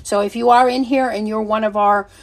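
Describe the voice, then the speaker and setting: Blunt high-voiced woman chatting on a livestream. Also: brisk. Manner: blunt, animated, swears freely, laughs often. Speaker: livestream seller and host. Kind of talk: casual livestream chat.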